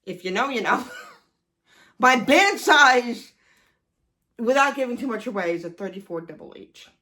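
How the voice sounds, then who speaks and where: A woman's voice: fairly high pitch, lively intonation, measured pace, bright, forceful tone. A woman in her forties telling a personal story in a casual vlog, self-deprecating and swearing often. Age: 40s. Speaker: vlogger.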